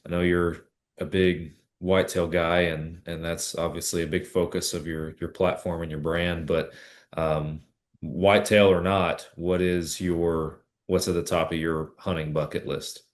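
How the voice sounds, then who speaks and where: A man's voice: deep voice, flat delivery, unhurried. A man hosting a podcast interview, easygoing and often restarting his sentences. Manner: easygoing, hesitant, many restarts. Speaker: podcast host. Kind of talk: casual interview.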